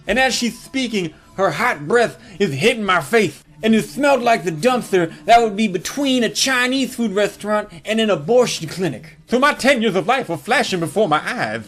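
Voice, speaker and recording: A man's voice: high-pitched, expressive, moderate pace, hardly any pauses, a bit bright, faint music behind. A man telling a crude comedic story from his childhood, with a mocking, punchline-driven delivery.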